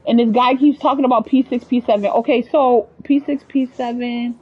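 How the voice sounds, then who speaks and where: A chatty, expressive woman with an African American English accent, giving casual commentary on a video game to her viewers. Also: a little high, moderate pace, breathy edge, muffled recording. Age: adult. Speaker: gaming streamer.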